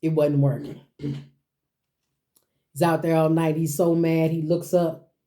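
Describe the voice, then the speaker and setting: Mellow-voiced woman preaching. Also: low-pitched, level tone, slow pace. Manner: repetitive rhetorical questioning, folksy phrasing. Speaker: speaker. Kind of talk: motivational sermon-style talk.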